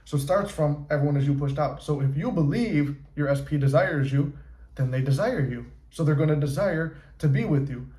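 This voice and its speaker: A man talking through manifestation in a loose, casual monologue, swearing freely and staying animated. His voice sits a bit high but mellow and soft-edged. The sound carries the ring of an echoey room. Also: a little fast. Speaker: manifestation coach.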